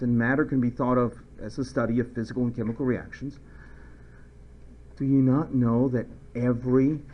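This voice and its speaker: A man's voice: medium pitch, muffled recording. A man teaching a chemistry lecture in a playful, joking way, acting out little skits to explain ideas. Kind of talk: recorded classroom lecture.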